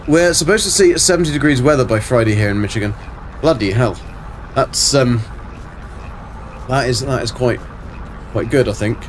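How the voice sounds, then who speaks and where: A man's voice: medium pitch, slight background noise. A middle-aged man on a casual live game stream, answering chat and muttering to himself as he plays.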